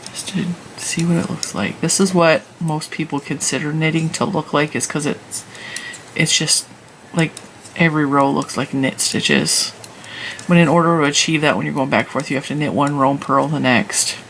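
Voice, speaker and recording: A woman's voice: deep voice, fairly even intonation, moderate pace, vocal fry, fairly bright tone, slight background noise, rough recording. A woman hosting a knitting channel, chatting casually and rambling off on tangents as she reviews yarn while she knits. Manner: chatty, rambling, laughs at herself. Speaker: knitting and crochet channel host.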